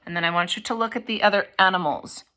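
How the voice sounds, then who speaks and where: This is a young adult female teacher sharing a picture book with kids, her voice sitting at medium pitch. Her manner is soft and supportive, and she regularly breaks off to ask the children questions.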